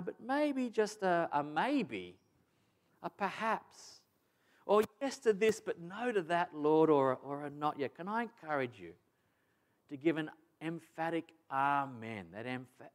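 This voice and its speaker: A man's voice: on the high side, animated, unhurried. A pastor preaching a sermon to his church, earnest and emphatic, repeating phrases for stress. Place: church service.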